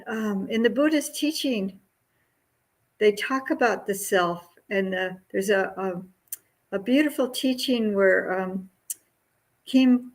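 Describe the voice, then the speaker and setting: A Buddhist nun giving a dharma talk, who hesitates, searches for words and laughs lightly. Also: female voice, medium pitch, poor audio.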